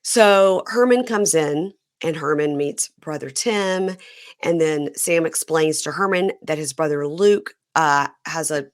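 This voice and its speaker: A woman hosting a podcast, chatting casually as she recaps a reality show, animated and laughing often as she acts out what people said. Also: low voice, a little slow, no room sound, clean studio sound. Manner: animated storyteller who acts out quoted people. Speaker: podcast host.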